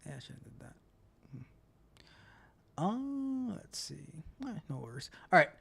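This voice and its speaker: A man's voice: fairly high pitch, big pitch swings, a little slow, creaky, pushed and bright, husky. Upbeat chatty male livestream host. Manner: chatty, upbeat, repeats phrases while reading chat. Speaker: livestream host and tech coach. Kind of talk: casual livestream chat.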